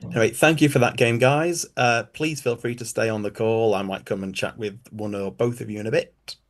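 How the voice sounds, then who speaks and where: Male quiz host on a video call: chatty, teasing, mid-pitched. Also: steady tone, fairly quick. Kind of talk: casual online quiz hosting.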